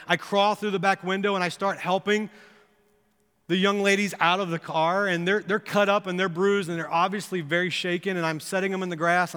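A pastor preaching a sermon, telling a personal story with earnest, building intensity that rises to impassioned pleas. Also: male voice, high-pitched, fairly bright tone, clean tone. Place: church sanctuary. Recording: long reverb of a church hall.

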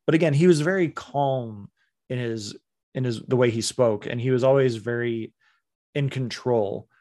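A man talking casually on a podcast, animated and critical, sometimes slipping into mimicry. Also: mid-range voice, moderate pace. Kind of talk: casual chat.

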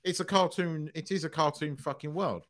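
A man's voice: fairly high pitch, moderate pace, a bit bright. A man co-hosting a casual podcast, opinionated and swearing as he rants. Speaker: podcast co-host.

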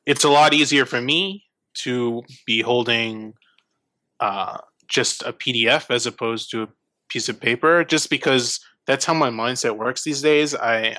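A man's voice: medium pitch, bright, forceful tone, dry recording. A man on a casual panel discussion, chuckling at himself in a self-deprecating way as he answers. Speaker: panel guest.

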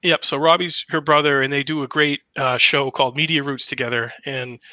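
A man's voice: medium pitch, steady tone, a little fast, sharp tone, no echo. A man hosting a stream, chatting casually and rambling with frequent stammered restarts. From New Hampshire. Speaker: stream host, impressionist. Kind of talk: casual chat.

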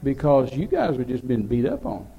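A man's voice: medium pitch, wildly swooping pitch, normal speed, gravelly, breathy edge, highs cut off. An older man, telling a rambling, folksy story as a preacher. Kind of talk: sermon storytelling.

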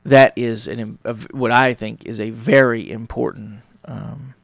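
Podcast host, male, gravelly with heavy fry, casual and rambling, dry close sound. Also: mid-range voice, fairly even intonation, unhurried, no echo. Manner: rambling, conversational, acts out little dialogues. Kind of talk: casual solo talk on relationships.

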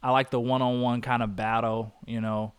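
A man chats casually on a film review podcast, breaking into laughter and playing out scenes as he recounts them. His voice is smooth and resonant at a middle pitch. The sound is dry and close to the mic. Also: moderate pace, no echo. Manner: animated, laughs often, acts out lines. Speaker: podcast co-host. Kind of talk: casual movie review chat.

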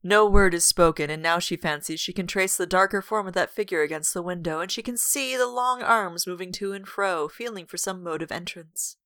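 Woman reading gothic horror aloud, lowish voice. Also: brisk, hardly any pauses, pushed and bright. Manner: dramatic read-aloud broken by wry asides.

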